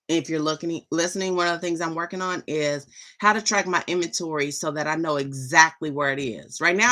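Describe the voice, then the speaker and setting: Low-voiced chatty woman vlogging. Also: pushed and bright. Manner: rambling, chatty, enthusiastic. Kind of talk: casual chat.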